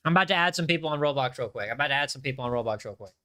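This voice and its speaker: Male game streamer, casual, talks to chat, bright forward tone, on a desk mic. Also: medium pitch, lively intonation, racing. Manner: chatty, reads chat aloud, repeats himself. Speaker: game livestreamer.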